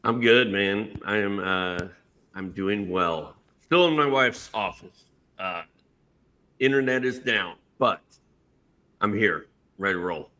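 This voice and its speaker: A man co-hosting a fantasy basketball podcast from a home office, relaxed and easygoing, telling stories. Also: lowish voice, slow, long pauses. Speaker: co-host, fantasy basketball analyst. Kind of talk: casual sports podcast chat.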